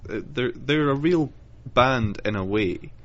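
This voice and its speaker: A man's voice: mid-range voice, animated, a little slow, a bit bright. A man co-hosting a casual podcast chat, dry, blunt and sardonic. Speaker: podcast co-host. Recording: dull lo-fi sound with faint noise.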